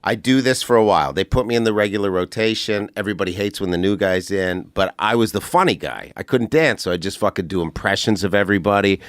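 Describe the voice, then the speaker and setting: A man from Canada, a podcast guest, telling profane stories in an animated way and slipping into voices, on a close studio mic. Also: lowish voice, fast, few pauses, clean tone, no echo. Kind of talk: casual storytelling.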